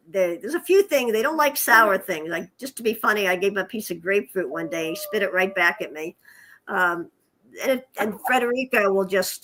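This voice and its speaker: The audio is poor, with a slight hiss or hum, as a woman speaks in a pushed, bright, medium-pitched voice. She's a hospice nurse and animal rescuer on an interview, telling casual stories with lots of chuckles and asides to her pet parrot.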